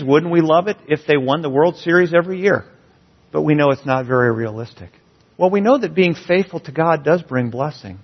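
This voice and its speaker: A pastor preaching a sermon in a church, earnest and building emphasis on key phrases. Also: male voice, a little high. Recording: dull, slightly lo-fi sound.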